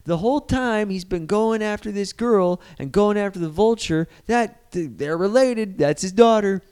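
A man in casual podcast chat, excitedly recapping a movie scene, swearing freely and acting out the characters' lines. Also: high-pitched, moderate pace, clean tone. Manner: animated, swearing, acting out scenes in quoted voices.

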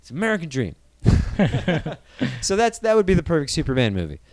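A man's voice: fairly high pitch, a little fast, no room sound. A man co-hosting a casual talk show, ranting with lots of swearing and mocking voices. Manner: profane, animated ranting with mocking put-on voices. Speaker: podcast co-host.

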